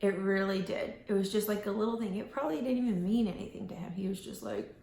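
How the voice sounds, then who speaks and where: A woman's voice: mid-range voice, fast, creaky, darkish tone, a little hiss or hum. A woman talking casually to camera in a vlog, rambling a little and losing her thread now and then. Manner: rambling, loses her thread, acts out quoted voices. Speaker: vlogger. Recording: roomy echo.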